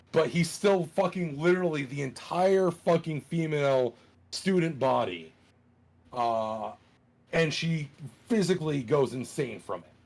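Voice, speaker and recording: A man in a casual podcast chat, retelling a plot in an animated, profane way, with many fillers. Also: on the high side.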